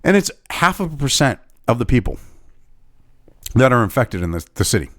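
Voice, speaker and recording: A man's voice: mid-range voice, big pitch swings, a little fast, fairly bright tone, no echo, studio quality. A man from New Hampshire giving angry, sarcastic, profanity-laden political commentary.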